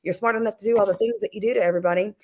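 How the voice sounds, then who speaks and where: A woman runs her own live stream and scolds a guest at a quick clip. She lays out her case point by point, lecturing firmly. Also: medium pitch, fairly even intonation, a little mellow. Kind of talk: heated live-stream argument.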